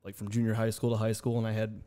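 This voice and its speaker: A man's voice: fairly low pitch, completely flat delivery, fast talker, warm tone. A man hosting a podcast in a studio, chatting casually and chiming in with agreement. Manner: affirming, chimes in with agreement. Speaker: podcast host. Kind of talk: casual chat.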